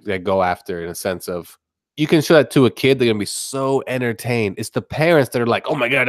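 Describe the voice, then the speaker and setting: A man's voice: on the low side, no room sound, studio quality. A man chatting casually on a live stream, rambling through rants that build to a sarcastic punchline.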